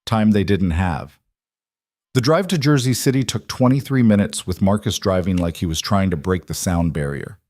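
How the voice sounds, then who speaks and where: A male audiobook narrator with a low voice and a dry, close sound, telling a thriller in an even, dramatic style. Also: normal speed, no echo.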